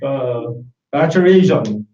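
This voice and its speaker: A man hosting a casual live-stream chat show, joking and talking in a halting way. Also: mid-range voice, lively intonation, mellow. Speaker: host. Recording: roomy, distant, dull live-stream audio.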